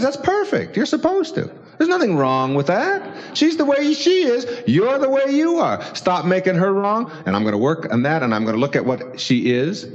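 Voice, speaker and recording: A man, an author, giving a casual motivational talk, chuckling often and acting out little dialogues. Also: extremely high pitch. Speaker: author and speaker. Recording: dull lo-fi recording.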